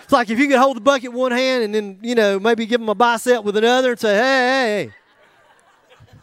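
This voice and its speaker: A man's voice: very high voice, fairly even intonation, fast, clear, resonant tone, no room sound. A middle-aged man preaching a sermon in a joking, conversational way, with asides to the congregation. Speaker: pastor.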